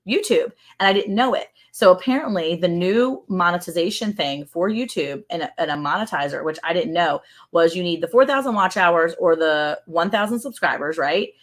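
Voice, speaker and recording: A woman hosting a casual livestream from a ranch home, chatty and excited and laughing often. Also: lowish voice. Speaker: livestream host.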